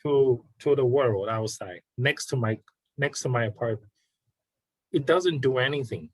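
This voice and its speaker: Taiwanese man, interview guest, halting, restarts, dry close sound, mid pitch. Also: no room sound, low-quality recording. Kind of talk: casual conversation.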